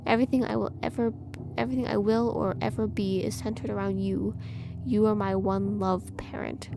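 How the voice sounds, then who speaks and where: A woman's voice: mid-range voice, little pitch movement, normal speed, vocal fry, music in the background, lightly acted. A woman voicing a male artificial child creature who talks in a pained, pleading way to the one who raised him.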